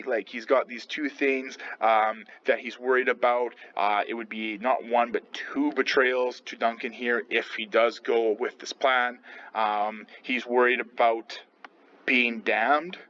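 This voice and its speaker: A man's voice: medium pitch, slow, fairly bright tone. A man teaching a literature lesson in a casual, chatty way. He often checks in with his listeners by asking "okay?" and "right?". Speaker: English teacher. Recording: slightly muffled with faint noise.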